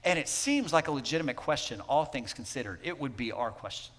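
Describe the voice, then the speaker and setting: A man's voice: mid-range voice, lively intonation, brisk. Conversational male pastor in a reverberant sanctuary. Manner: conversational preaching, swinging between emphatic and hushed. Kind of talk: sermon. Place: church sanctuary.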